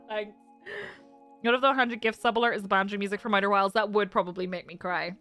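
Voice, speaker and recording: A woman's voice: medium pitch, fairly even intonation, brisk, pushed and bright, faint music behind. A woman streamer chatting casually with her audience, emotional and close to tears, laughing often as she reads chat aloud. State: teary, close to crying.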